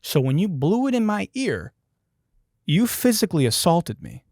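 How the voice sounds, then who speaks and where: Telling a profane, emphatic comedic story, this Detroit podcast host has a high-pitched, slightly mellow voice with huge pitch swings at normal speed. The recording is dry and studio quality.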